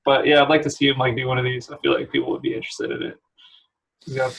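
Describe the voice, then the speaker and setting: A man's voice: medium pitch, fairly even intonation, quick pace, a bit bright, low-quality recording. A young man from the San Francisco area, a podcast guest telling rambling stories full of laughter and fillers. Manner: rambling storyteller, laughs often, many likes. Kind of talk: casual chat.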